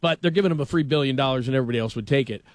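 A man hosting a casual sports talk show, animated and opinionated, stumbling over restarts as he rants. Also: mid-range voice, racing, no room sound. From Los Angeles.

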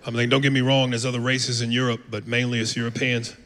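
A man doing a brash, profane stand-up set on a comedy club stage, with loud acted-out voices. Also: mid-range voice, little pitch movement, fast talker, crowd noise. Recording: live club with long reverb, noisy.

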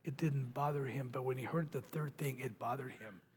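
A man preaching a sermon, retelling a Bible story dramatically, acting out the voices and dropping to hushed near-whispers. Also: medium pitch, normal speed, slightly rough.

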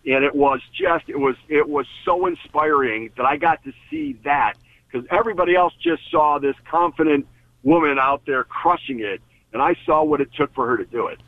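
A man's voice: fairly high pitch, moderate pace. A man who is a guest and former team executive, telling an earnest story in an interview and often restarting and repeating words. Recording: tinny phone line on radio.

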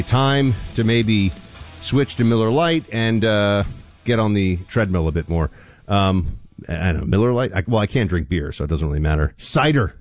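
A man's voice: moderate pace, faint music behind. A man co-hosting a radio talk show, chatting casually and teasing his partner in a playful way. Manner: playful, teasing, jumps up in pitch. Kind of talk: casual on-air banter.

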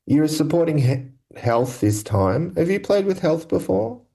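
A man's voice: a little high, big pitch swings, measured pace, vocal fry, warm tone, slightly rough. A man interviewing a musician, asking short casual questions with brief friendly replies.

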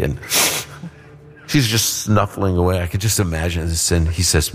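A man's voice: deep voice, fairly even intonation, normal speed, in a large hall. A man hosting a radio Bible question show, explaining verses plainly and checking that listeners follow.

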